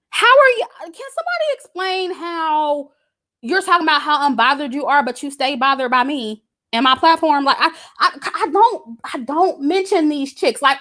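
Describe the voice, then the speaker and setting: A woman's voice: high voice, fairly bright tone. Woman; casual, blunt commentator who curses freely and repeats her points for emphasis. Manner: blunt, cursing, emphatic and repetitive. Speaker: YouTube commentator. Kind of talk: casual direct-to-camera rant.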